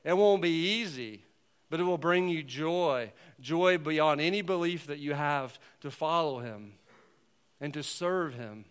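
A pastor preaching a sermon in a conversational, earnest way, swinging between loud emphasis and quiet asides. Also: male voice, a little high, measured pace, clear, resonant tone.

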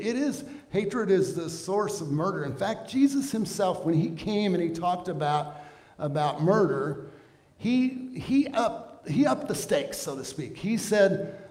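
A man's voice: on the high side, a little mellow. A pastor giving an earnest, conversational sermon, asking the congregation questions as he goes. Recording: echoey church hall with long reverb.

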